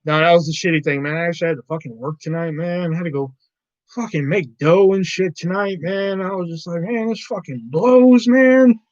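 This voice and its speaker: Profane ranting man, slightly high voice. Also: fairly even intonation, brisk, no echo. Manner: profane ranting, mimics coworkers. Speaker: livestream host. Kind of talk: casual livestream chat. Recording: dry, dull lo-fi sound.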